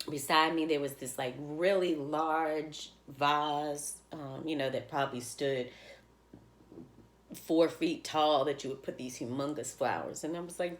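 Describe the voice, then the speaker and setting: A woman's voice: low-pitched, unhurried. A woman vlogger telling an emotional personal story, heartfelt and rambling, close to tears. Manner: heartfelt, rambling, with many fillers.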